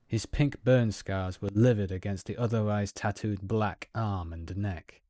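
A man narrating a story in a measured, scripted reading. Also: fairly low pitch, steady tone, dark tone, dry recording, studio quality. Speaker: audiobook narrator.

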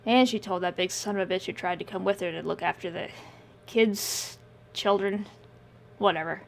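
A woman doing a dry, gruff young man. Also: mid-range voice, steady tone, normal speed, slight background noise, natural voice. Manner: dry, tired, swearing.

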